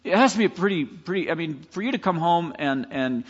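A man's voice: fairly high pitch, lively intonation, a little fast, breathy edge. A pastor giving a sermon in a conversational, emphatic way, often acting out the words he quotes. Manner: conversational preaching, emphatic, acts out scripture quotes. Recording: dull lo-fi recording with long hall reverb.

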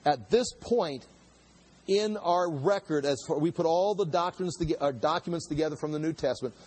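A man's voice: fairly high pitch, normal speed, darkish tone, breathy edge, low-quality recording. A middle-aged man, a pastor, preaching a sermon in a conversational way, with asides and rhetorical questions.

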